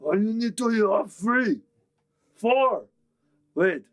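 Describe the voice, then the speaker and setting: These are a man's take on brutish male orc guards in a tabletop game. They grunt through broken English with bullying bravado, pitched high and pushed loud. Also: expressive, slow pace, heavily acted.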